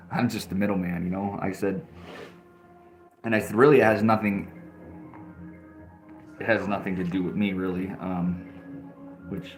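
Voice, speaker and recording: A man's voice: sits low, steady tone, a little slow, pauses often, music in the background. A man vlogging, telling a story casually, with many restarts and fillers and frequent swearing.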